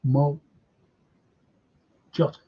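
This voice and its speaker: A man's voice: very slow, highs cut off. A man with a Liverpool accent hosting a casual live stream, chatting and reading out viewer comments. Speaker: fan channel host.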